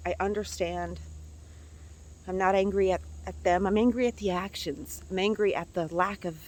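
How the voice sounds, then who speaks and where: A woman venting on her own vlog, angry and hurt, swearing and going back over the same points. She records on a phone outdoors near her house, with insects chirping in the background. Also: medium pitch. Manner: upset, angry, swearing, repeating herself. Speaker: vlogger. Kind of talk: emotional personal vlog.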